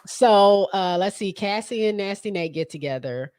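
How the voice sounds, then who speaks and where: A woman's voice: mid-range voice, animated, moderate pace, a little mellow, clean tone, no echo, studio quality. A woman from the Midwest hosting a casual TV recap chat, chatty and playfully indignant, acting out little quotes as she talks. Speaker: podcast host.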